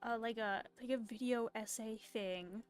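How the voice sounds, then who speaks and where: A woman's voice: on the high side, steady tone, normal speed, clear, resonant tone. A woman streamer chatting casually while she draws, rambling off on tangents. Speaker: artist streamer. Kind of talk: casual chat while drawing. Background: faint background music.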